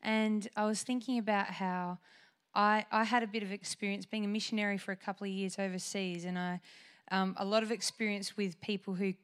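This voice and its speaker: A woman's voice: mid-range voice, fairly even intonation, a little fast, clear, resonant tone. A woman sharing a casual testimony with a congregation, speaking in a candid, chatty way.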